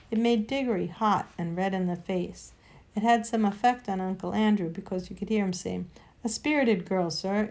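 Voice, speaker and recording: A woman reading a children's storybook aloud, with an expressive, lively delivery. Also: mid-range voice.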